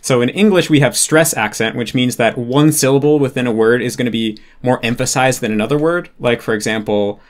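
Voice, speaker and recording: A man's voice: mid-range voice, fairly quick, hardly any pauses, slight background noise. A man explaining a concept in casual talk, working through examples with frequent restarts and fillers.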